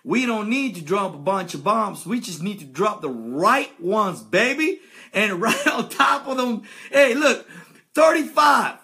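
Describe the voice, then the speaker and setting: A man hosting a political video rant, loud and excitable, often shouting and laughing as he talks. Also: high-pitched, measured pace. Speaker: video host.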